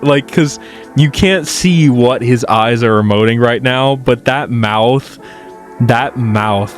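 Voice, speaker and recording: A man talks slowly through his reaction to a horror series, cursing and restarting his sentences as his exasperation builds. His voice sits at an ordinary male pitch, and faint music plays underneath. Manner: profane, exasperated ranting with frequent restarts. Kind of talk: casual reaction commentary.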